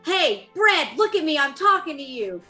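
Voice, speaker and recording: Woman player puts on a brash adventurer in a tabletop game, high and bright. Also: sing-song, moderate pace, faint music behind, heavily acted. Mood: confrontational. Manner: confrontational, bossy. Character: bold, pushy female adventurer.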